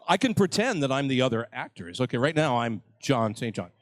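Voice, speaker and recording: A man's voice: mid-range voice, big pitch swings, fast talker, dry recording. An older man hosting a live convention panel, joking with the crowd and mocking himself. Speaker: panel host. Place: convention stage.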